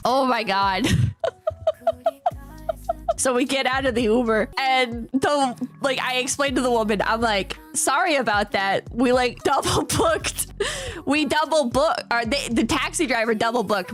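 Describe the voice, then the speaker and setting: A woman's voice: high voice, a bit bright. A woman streamer telling a story casually to her chat, laughing often and swearing freely.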